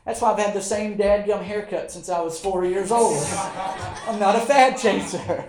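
Folksy high-voiced preaching man. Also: normal speed, a crowd in the background. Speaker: pastor. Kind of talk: sermon. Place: church sanctuary. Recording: echoey church room.

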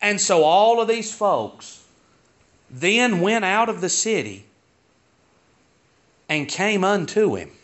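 High, lively preacher. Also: male voice, slow, long pauses, dull audio. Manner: folksy, rhetorical questions, rising to emphatic peaks. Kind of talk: sermon.

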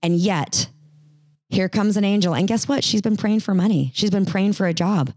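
A woman in her forties preaching a sermon, animated, acting out quoted voices. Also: medium pitch, normal speed, no room sound.

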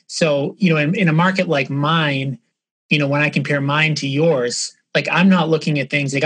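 A man's voice: on the high side, fairly bright tone, low-quality recording. Rambling male podcast host. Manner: rambling, restarts, many fillers. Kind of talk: casual podcast chat.

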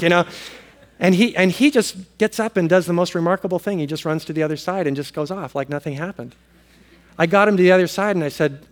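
A man preaching a sermon, telling a family story with animated swings between loud exclamations and hushed, earnest tones. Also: sits high, fast talker. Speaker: pastor.

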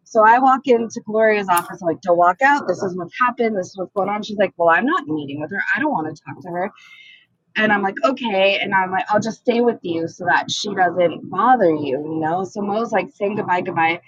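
A woman's voice: medium pitch, fairly quick, hardly any pauses, husky, lo-fi sound. A woman co-hosting a podcast, telling a story in casual chat and swearing a lot as she acts out the people in it. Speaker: podcast co-host.

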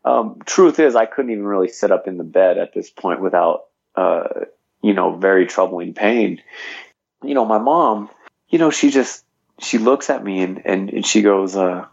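A man's voice: fairly low pitch, normal speed, gravelly, slightly rough, dull audio. A man, a fitness trainer and motivational speaker, telling his own story earnestly as a podcast guest and leaning on "you know" fillers. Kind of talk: personal story in a podcast interview.

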